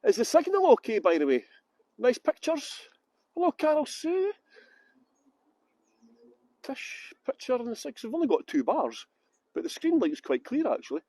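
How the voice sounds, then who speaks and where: Brief: Scottish tour guide, middle-aged man, cheeky banter with viewers, phone on a gimbal outdoors, very high pitch. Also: huge pitch swings, normal speed, pauses often, warm tone, no room sound. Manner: cheeky, joking, chatty greetings to viewers. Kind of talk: livestreamed walking tour chat. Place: city streets outdoors.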